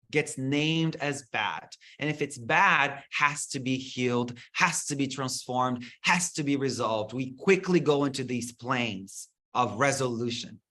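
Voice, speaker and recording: A man leading a spiritual workshop in an expressive, casual way, swearing freely and slipping into mocking voices. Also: mid-range voice. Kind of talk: animated spiritual talk.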